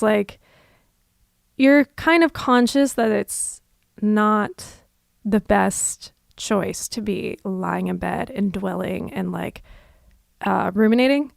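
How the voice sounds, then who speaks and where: A young adult woman, a musician, chatting casually and reflectively on a livestream, with frequent fillers and soft laughs. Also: mid-range voice, gravelly, smooth, dry recording, clean studio sound.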